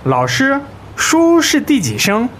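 Someone playing a slow, lilting student. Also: high voice, wildly swooping pitch, fairly bright tone, a little hiss or hum, exaggerated voice. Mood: curious. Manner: slow, questioning. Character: student asking the teacher a question.

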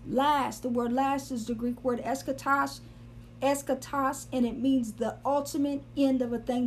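A woman's voice: sits high, darkish tone, a little hiss or hum. A woman teaching scripture in an earnest sermon style, often repeating words for emphasis. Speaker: Bible teacher.

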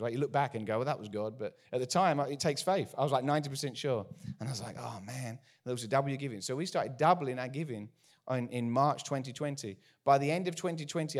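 Fast-talking animated male preacher. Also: mid-range voice. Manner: animated, joking asides to the congregation. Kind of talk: sermon. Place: church before a congregation.

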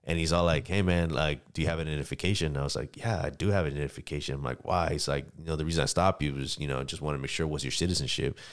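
A man's voice: rumbling low, quick pace, hardly any pauses. An American man as a podcast guest, telling a story in casual, slangy chat and acting out the people in it. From United States.

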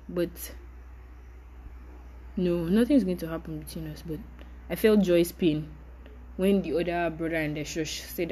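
A woman's voice: fairly low pitch, unhurried, long pauses, warm tone, a little hiss or hum, poor audio. A young woman, hosting a casual solo podcast and talking candidly in a chatty, apologetic way. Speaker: podcast host.

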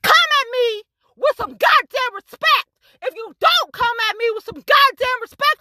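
Angry woman going off, super high sharp voice, swears nonstop, dry close sound. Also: expressive, measured pace, no echo. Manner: fiery, cursing, repetitive and emphatic. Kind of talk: angry profane rant to camera.

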